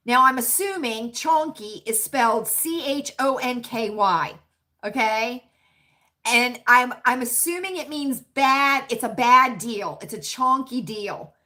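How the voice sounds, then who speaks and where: A woman's voice: fairly high pitch, pushed and bright. A middle-aged woman hosting a casual livestream, chatting with viewers, calling them friends and honey and often asking "right?". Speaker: livestream host. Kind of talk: casual live chat with viewers.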